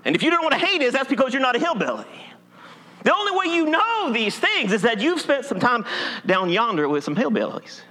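A man's voice: very high voice, wildly swooping pitch, fairly quick, bright, forceful tone. A male pastor from Appalachia preaching a sermon in a church, folksy and humorous. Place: church sanctuary. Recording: long hall reverb.

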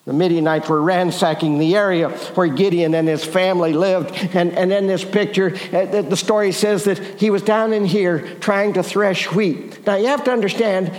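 A male preacher telling a story in an animated sermon, often questioning his listeners. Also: high-pitched, moderate pace, hardly any pauses. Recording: long hall reverb.

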